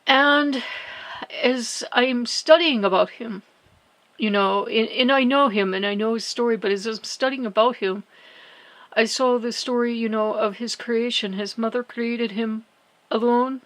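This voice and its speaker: A woman hosting her own spiritual channel, retelling a religious story in a halting way, full of fillers and restarts. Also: a little high, fairly bright tone, rough recording. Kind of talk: devotional storytelling vlog.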